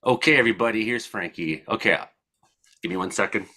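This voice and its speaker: A man's voice: fairly low pitch, brisk, pushed and bright. A man hosting a casual live-streamed weather comedy show, joking and self-mocking as he talks. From Canada. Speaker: host.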